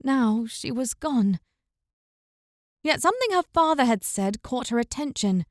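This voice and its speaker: High-voiced woman narrating a fantasy audiobook. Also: big pitch swings, unhurried, no room sound. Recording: dry, close recording.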